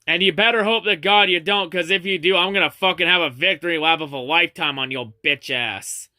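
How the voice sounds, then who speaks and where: A man's voice: a little high, fairly quick, sharp tone, dry recording. A man hosting his own fan channel, delivering a taunting, profane diss rant straight at a rival. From Detroit area. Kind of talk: ranting diss video to camera.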